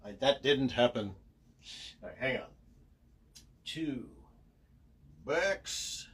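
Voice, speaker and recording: A man's voice: mid-range voice, lively intonation, extremely slow. A man chatting casually on a livestream as he signs autographs, narrating each step and joking at his own expense. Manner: chatty and self-deprecating, narrating what he does. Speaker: voice actor signing autographs on a livestream.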